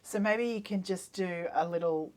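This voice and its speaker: A woman's voice: on the low side, normal speed, darkish tone. An Australian woman hosting a casual faith podcast, chatty and hesitant with many fillers and easy laughs. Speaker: podcast host.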